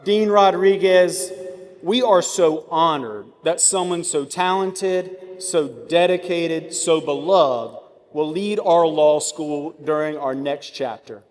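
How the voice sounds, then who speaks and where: A man, giving a commencement address with measured oratory, dramatic pauses and vivid storytelling. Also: a little high. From Georgia, US. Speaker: commencement speaker. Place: large ceremony venue. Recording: long reverb of a large venue.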